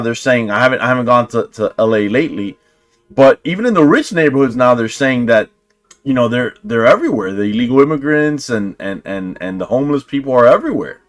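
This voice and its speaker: Young male commentary host, casual, sarcastic, slangy, swinging pitch a lot. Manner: animated, sarcastic, talks in restarts and slang like "dude" and "bro".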